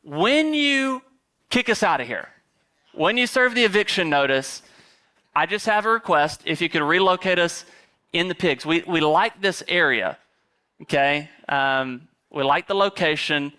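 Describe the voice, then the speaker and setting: A man's voice: on the high side, expressive, a little slow, bright, forceful tone, smooth. A male pastor voicing a horde of demons casually bargaining with Jesus. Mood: pleading bargaining.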